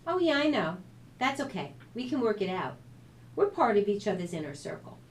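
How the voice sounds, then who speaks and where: A woman voicing a calm, earnest teenage girl who reasons things out patiently. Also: medium pitch, reverberant, a little hiss or hum, close to an everyday voice, rough recording.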